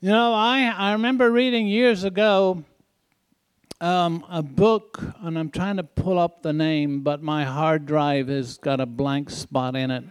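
An older male preacher with a foreign accent and a high voice, talking to his congregation in a folksy, chatty way. He chuckles between points and keeps checking in with the crowd. The sound is close and dry. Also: fairly even intonation, measured pace, smooth, dry recording. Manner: folksy, asks the crowd "isn't that right?". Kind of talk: sermon.

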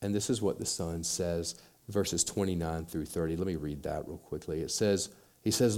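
A man's voice: sits low, moderate pace, darkish tone. A man preaching a sermon, acting out quoted voices and building in intensity as he makes his points. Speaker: pastor.

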